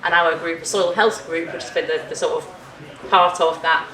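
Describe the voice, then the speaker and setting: A woman's voice: lowish voice, fairly even intonation, normal speed, bright, forceful tone. Chatty woman chairing a panel. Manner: chatty, laughing, lots of ums. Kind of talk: conference panel introduction. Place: conference room. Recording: echoey hall, distant mic.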